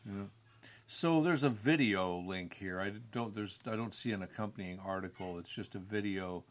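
A man co-hosting a relaxed talk show. He answers in short, dry replies and moves the talk on to news items. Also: lowish voice, normal speed. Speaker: co-host. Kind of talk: casual chat, reading news items.

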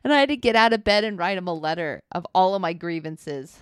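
A woman co-hosting a casual chat about her relationship, animated and laughing, swearing freely as she tells stories. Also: lowish voice, a little fast, clear, resonant tone, dry recording, clean studio sound. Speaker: co-host.

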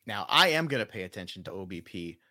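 A man's voice: on the low side, very animated, pushed and bright, no echo, clean studio sound. A man hosting a fantasy baseball draft, casually reading off picks and joking with the panel. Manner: recaps picks in quick lists, joking.

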